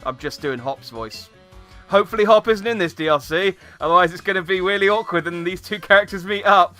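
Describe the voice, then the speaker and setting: A man's voice: sits high, a little fast, bright, forceful tone, faint music behind. A man giving casual, jokey let's-play commentary, rambling with many fillers. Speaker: game streamer.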